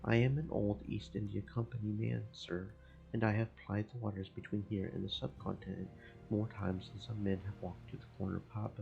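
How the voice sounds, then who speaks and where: A man doing a gruff old sailor. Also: on the low side, flat delivery, brisk, lo-fi sound, soft background music. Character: old seafaring man, blunt and honest.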